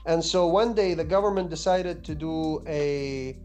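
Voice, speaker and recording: A man from Iraq, a physician guest, telling stories in an animated, wry podcast chat. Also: fairly high pitch, a little slow, soft background music. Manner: animated storyteller with wry humor. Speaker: guest, physician and anatomy teacher.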